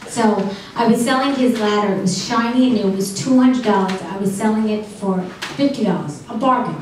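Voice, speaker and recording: A middle-aged woman doing a stand-up comedy set with dry, deadpan delivery and audience banter. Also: medium pitch, fairly quick. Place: comedy club stage. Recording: echoey club room from far off, noisy.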